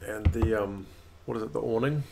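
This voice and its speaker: A man with a New Zealand accent hosting a rugby watch-along, calling plays and chatting with viewers, getting quicker and higher at close calls. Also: vocal fry, darkish tone. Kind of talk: live match commentary and chat.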